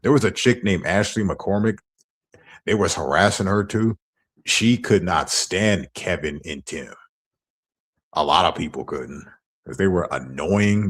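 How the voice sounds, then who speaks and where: A man's voice: sits low, measured pace, husky. A man ranting on his stream, heated and profane as he tells his side of a feud. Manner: angry, profane storytelling.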